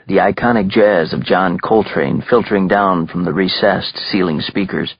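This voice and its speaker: Guy reading a thriller audiobook, low gravelly husky voice, dry muffled sound. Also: dry recording. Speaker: audiobook narrator. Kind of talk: scripted thriller narration.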